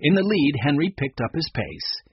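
A man reads a children's story aloud with a husky voice. His pitch rises and falls widely as he tells it. The recording is dry and slightly dull. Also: normal speed, no echo. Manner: lively expressive reading. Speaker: narrator. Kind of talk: storybook reading.

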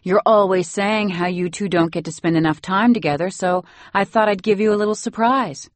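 A woman's voice: medium pitch, moderate pace, dry recording, pitched above the performer's own voice, lightly acted. A woman voicing a cool, guarded wealthy wife with overly polite manners, in an audiobook.

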